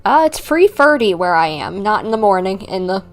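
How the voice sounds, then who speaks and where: Chatty woman streamer, lively voice. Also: mid-range voice, normal speed. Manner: chatty, laughing, filler-heavy. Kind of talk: casual live commentary.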